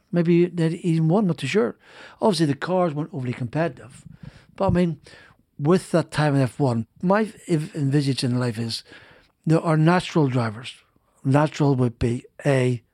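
A man's voice: medium pitch, darkish tone, no echo, clean studio sound. A middle-aged British man, a former racing driver, telling long rambling anecdotes in a podcast interview and acting out the dialogue he quotes. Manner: rambling, many restarts, acts out quoted dialogue.

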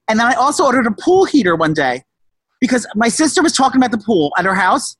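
A casual, profane storyteller who rambles with many restarts and shouted quotes. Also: male voice, extremely high pitch, big pitch swings, fast talker, slightly rough, no room sound. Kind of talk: casual chat.

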